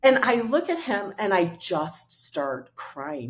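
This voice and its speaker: A woman's voice: mid-range voice, sing-song, takes it slowly, creaky. A middle-aged woman, a coach and author, telling a personal story in conversation and acting out the quoted dialogue.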